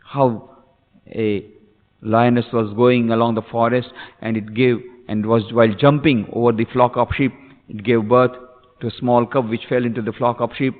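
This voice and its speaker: A man's voice: medium pitch, fairly even intonation, moderate pace. A man, a monk, giving an impassioned spiritual discourse with phrases repeated for emphasis. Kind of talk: sermon. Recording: tinny recording in an echoey hall.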